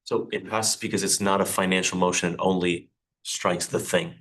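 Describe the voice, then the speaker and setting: A young man with a very low voice runs a student senate meeting. He moves through procedure plainly and adds dry asides. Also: fairly even intonation, moderate pace, a bit bright, poor audio. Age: young adult. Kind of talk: chairing a student government meeting.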